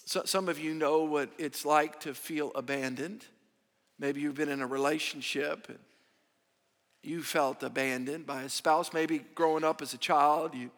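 A man preaching a sermon with emphatic, drawn-out phrases, swinging between loud and hushed. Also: on the high side. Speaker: pastor. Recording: echoey hall with long reverb.

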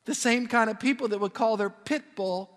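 A preacher doing a deadpan talking parrot. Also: male voice, sits high, moderate pace, big-room sound, slight background noise. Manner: deadpan punchline delivery. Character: smart-mouthed talking parrot.

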